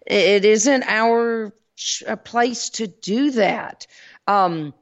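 Southern woman host, folksy spiritual talk, gravelly voice, dull lo-fi recording. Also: mid-range voice, drawn-out words. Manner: folksy, addresses listeners as y'all.

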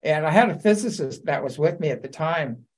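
A man with a somewhat high voice tells casual, animated anecdotes for a talk radio show. He laughs along and acts out what people said. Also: a little fast.

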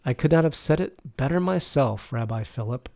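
Serene male spiritual teacher, read by a man, gravelly mellow voice, slow tender preaching. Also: medium pitch, expressive, dry recording, clean studio sound.

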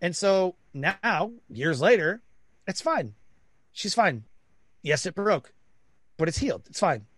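A man's voice: sits high, big pitch swings, takes it slowly, pauses often, a bit bright, breathy edge, dry recording. A middle-aged man from Detroit, talking bluntly and emphatically in a casual conversation, acting out what others said. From Detroit, Michigan. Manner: blunt, emphatic, acts out quoted voices. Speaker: podcast guest.

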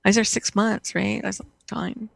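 A woman's voice: mid-range voice, level tone, moderate pace, gravelly, slight background noise. A middle-aged woman, a guest in conversation, telling a personal story in a rambling way with many restarts and fillers.

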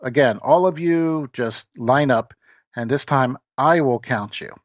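A man doing a calm wise old man. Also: mid-range voice, measured pace, dry recording, highs cut off, close to an everyday voice. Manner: calm and reassuring.

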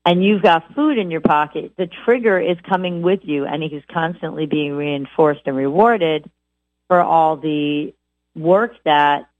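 Woman dog trainer, low voice, dry phone-like sound, animated, mimics owners. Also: a little slow, no room sound. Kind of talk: instructional talk. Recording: tinny phone-like audio.

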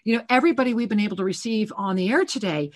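Soft-spoken woman radio spiritual host. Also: mid-range voice, no echo. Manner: soft, slow, soothing channeled reading. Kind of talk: live spiritual call-in radio.

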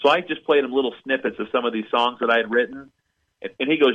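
A man's voice: medium pitch, quick pace, narrow, tinny audio. A man telling a long personal story as a guest in an interview, acting out the people he quotes. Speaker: guest musician.

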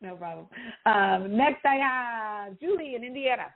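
A woman giving intuitive readings to callers on a call-in show, expressive and reassuring, with feeling in her voice. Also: fairly high pitch, measured pace. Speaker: intuitive reader answering callers. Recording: tinny phone-line sound.

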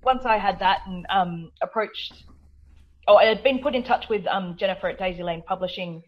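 A woman's voice: mid-range voice, moderate pace, highs cut off. An Australian woman from South Australia, a guest author chatting in a radio interview, full of fillers, restarts and laughter.

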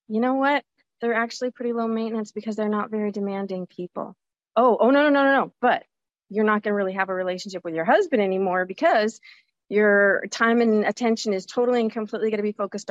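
A woman's voice: medium pitch, a little fast, dry recording, highs cut off. A woman in her forties hosting her own show, talking candidly and animatedly outdoors, sometimes slipping into the voices of people she remembers. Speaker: podcast host. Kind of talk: casual personal monologue. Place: outdoors at a zoo by a lake.

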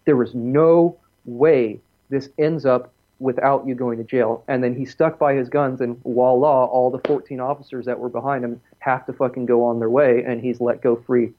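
A man's voice: mid-range voice, narrow, tinny audio. A man talking casually on a podcast, blunt and profane, telling stories with quotes he acts out.

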